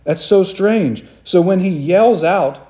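A man's voice: high voice, slow pace, dark tone. A man preaching a sermon, earnest and repeating phrases for emphasis, asking his listeners questions directly.

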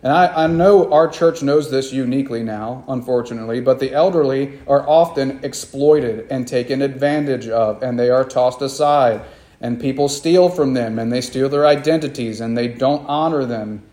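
Man, pastor, sermon, earnest, emphatic, repeats lines, dark mellow voice, roomy echo. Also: medium pitch, normal speed.

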